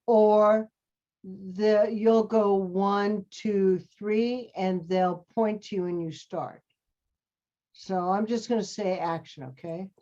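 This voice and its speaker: A woman with a mid-range, darkish voice teaches acting in an online class. Through dull lo-fi video call audio, she encourages her students, addressing them as sweetie and honey.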